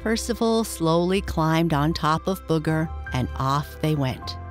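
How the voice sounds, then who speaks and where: A woman's voice: low-pitched, expressive, soft background music. A woman narrating a bedtime story for children in a soothing way. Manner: soothing, slow.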